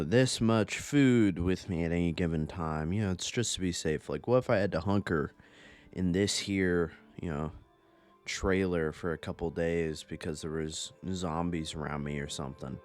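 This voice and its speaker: Young man, deep low voice, casual game commentary, rambling, profane, self-mocking. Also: a little mellow, no room sound. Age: young adult. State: a bit out of breath. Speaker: gaming YouTuber. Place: home.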